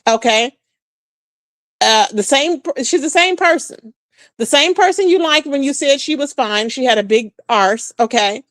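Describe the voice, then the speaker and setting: This is a woman, dishing gossip on a casual livestream. Her voice sits high and leaps around with animated sass. She calls out to her chat viewers as she talks. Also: a little slow, no room sound. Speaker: livestream host.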